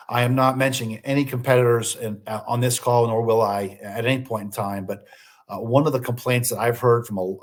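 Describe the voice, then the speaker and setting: A man giving a business webinar presentation, posing questions and then answering them himself, with frequent "uh" fillers. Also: mid-range voice. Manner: slows down deliberately for listing items.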